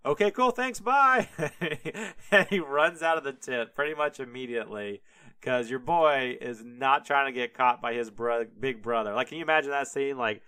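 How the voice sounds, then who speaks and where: A young man tells the story as a podcast host, rambling and laughing as he goes. His voice is smooth and resonant, recorded close and dry, at an ordinary pitch for a man. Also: moderate pace, bright, forceful tone, no room sound. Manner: rambling, full of "like", laughs often. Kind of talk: casual comic retelling.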